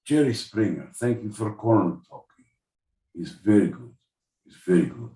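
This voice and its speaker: A man's voice: lowish voice, lively intonation, normal speed, mellow, roomy sound, distant mic, lightly acted. A man voicing a Russian man with a put-on Russian accent and broken grammar. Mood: emphatic.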